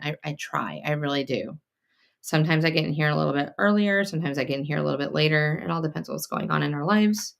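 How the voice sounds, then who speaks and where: Gravelly-voiced woman chatting while sewing. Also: low-pitched, fairly bright tone. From North Carolina. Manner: chatty, reads viewer comments aloud. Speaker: quilting livestream host. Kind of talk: casual chat while sewing. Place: home sewing room. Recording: faint sewing machine noise.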